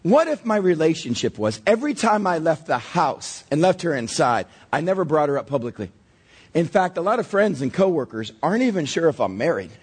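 Slightly hoarse man preaching with a lively voice. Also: fairly high pitch, brisk. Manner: storytelling with lively acted-out quotes. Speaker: pastor. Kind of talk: sermon.

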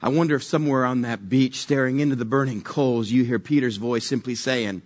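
Husky-voiced man preaching a story sermon. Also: medium pitch, fairly quick, hardly any pauses, a little mellow. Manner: wondering, conversational with jokes.

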